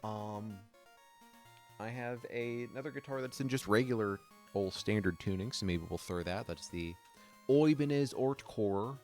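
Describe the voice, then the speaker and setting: A man's voice: on the low side, steady tone, normal speed. A man streaming while he makes music, chatting casually and thinking aloud, with a slight lisp from a sore tongue. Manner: rambling, thinks aloud, trails off mid-sentence. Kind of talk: casual live-stream chat.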